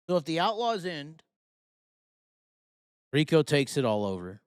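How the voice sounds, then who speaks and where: Man, host, profane ranting, rhetorical questions, swooping pitch, dry close sound. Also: big pitch swings, a little slow, smooth, no echo. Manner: heated, swearing, rhetorical questions. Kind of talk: profane live-stream rant.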